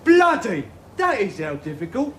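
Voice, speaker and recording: A man's voice: sits high, wildly swooping pitch, unhurried, crowd noise, full character voice. An actor with a British accent playing an indignant, officious male rubbish collector in a studio sitcom. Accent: British English. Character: indignant male binman, preachy. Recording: roomy TV sitcom set with audience.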